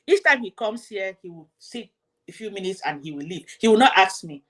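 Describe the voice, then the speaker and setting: A woman's voice: mid-range voice, animated, a little fast. A woman hosting her own show, telling a personal story to her viewers in an emotional way, often repeating herself and speaking straight to her audience. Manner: emotional, repetitive, addresses the audience directly. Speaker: host.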